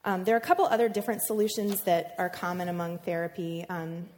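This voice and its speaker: A woman's voice: on the low side, little pitch movement, fast, darkish tone. A woman presenting a marriage class, casual and chatty with frequent fillers. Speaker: workshop presenter.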